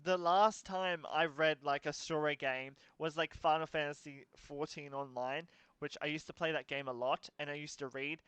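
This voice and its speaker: A man's voice: fairly high pitch, fairly even intonation, normal speed, fairly bright tone, clean tone, no room sound. Breathless, rambling male streamer. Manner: rambling, filler-heavy, laughs often. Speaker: streamer playing a horror game. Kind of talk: casual live-stream commentary.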